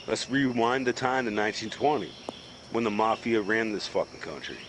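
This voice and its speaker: A man's voice: fairly low pitch, normal speed, a bit bright, slight background noise, low-quality recording. A man from the US East Coast in a casual chat while gaming, ranting heatedly and swearing constantly.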